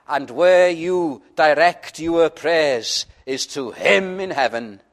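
A man preaching a sermon, earnest and pleading, often dropping to a quiet, intimate tone. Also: a little high, slow.

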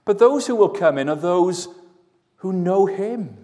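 A man preaching an evening sermon, slow and earnest, often asking his listeners questions. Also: sits high, expressive, warm tone. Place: church. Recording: long church reverb, voice at a distance.

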